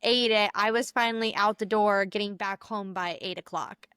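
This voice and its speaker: A chatty young woman co-hosting a podcast tells a story casually and acts out the quotes. Her mid-range voice is clear, resonant, and fairly bright, with fairly even intonation and a moderate pace. The studio-quality sound has no echo.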